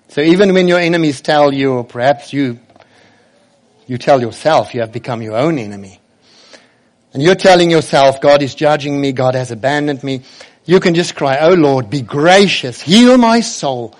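A man preaching a sermon, emphatic, slowing and rising as he quotes scripture. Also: mid-range voice.

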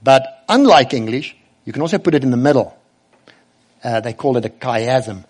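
A man's voice: mid-range voice, lively intonation, normal speed, a little mellow. A man preaching a sermon earnestly, often turning to ask the children direct questions.

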